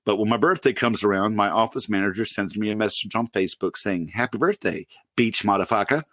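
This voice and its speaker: Co-host, man, late 40s, animated storyteller, close dry mic. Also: fast, no room sound. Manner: animated storyteller, pitches up for quoted outbursts, laughs often. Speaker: podcast co-host. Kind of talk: casual storytelling.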